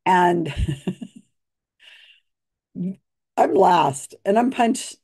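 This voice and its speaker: A woman's voice: on the low side, lively intonation, extremely slow, a little mellow, husky. A tired woman hosting a casual video commentary, chatty and laughing often between fillers. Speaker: video host reviewing a psychic reading.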